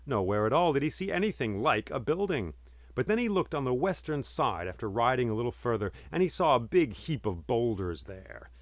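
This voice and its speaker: A man telling a folk tale in a measured, dramatic and vivid way. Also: medium pitch, dry recording. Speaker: storyteller. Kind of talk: oral storytelling.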